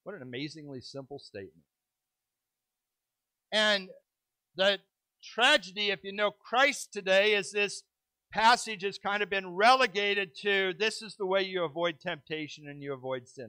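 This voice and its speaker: A middle-aged male pastor delivers a sermon in a high, ringing voice, leaning hard on key words and drawing them out between pauses. He breaks the preaching with quick, self-mocking asides. The sound is close and dry, with no room echo. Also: bright, forceful tone. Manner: drops into quick asides and self-deprecating humor.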